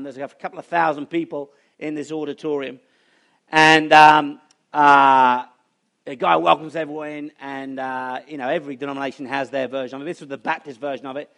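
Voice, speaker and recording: A man's voice: medium pitch, a bit bright. A middle-aged man giving a chatty, humorous talk to a church audience, telling stories in a self-deprecating way. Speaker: conference speaker. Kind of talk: humorous sermon-style talk.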